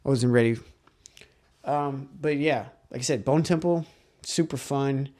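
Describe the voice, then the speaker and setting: Casual male reviewer, average pitch, rambling and profane, dry recording. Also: measured pace, a little mellow, no room sound. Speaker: movie reviewer. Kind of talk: casual movie recap and review.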